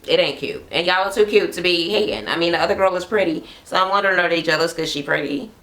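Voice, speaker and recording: A woman's voice: fairly low pitch, animated, fast, fairly bright tone. A woman casually recapping a reality show for her channel, blunt and profane, laughing often. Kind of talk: casual gossipy recap chat. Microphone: camera mic, talking to camera at home.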